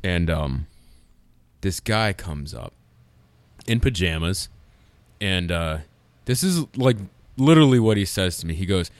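A man co-hosting a casual podcast, telling a story in an animated way and laughing often. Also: low voice, brisk, dry recording. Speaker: podcast co-host.

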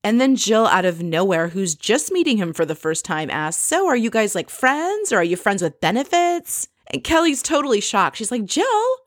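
A woman with a voice on the low side recaps a reality TV episode, chatty, opinionated and snarky in her casual commentary. The studio-quality recording has no room sound.

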